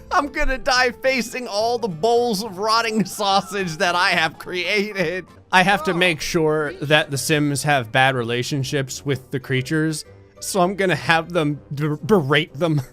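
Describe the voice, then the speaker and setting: A man giving comedic, sarcastic commentary while playing a life-sim game, swinging from shrieking excitement to a low menacing mutter. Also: a little slow, soft background music. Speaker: gaming commentator. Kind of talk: comedic let's play commentary.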